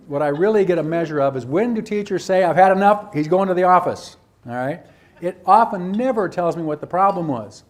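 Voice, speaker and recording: A man giving a lecture to educators, acting out teachers and students and asking rhetorical questions. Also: a little high. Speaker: presenter at a teacher training workshop.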